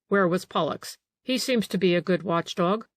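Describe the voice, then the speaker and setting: A woman voicing a calm male police detective in an audiobook, pressing with questions. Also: fairly low pitch, moderate pace, no echo. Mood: probing. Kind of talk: audiobook character reading.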